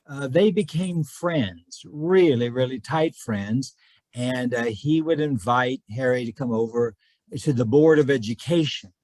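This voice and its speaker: A man telling history anecdotes as a trivia guest over a video call, folksy and rambling, with many pauses and fillers. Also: medium pitch, a little mellow, dry recording.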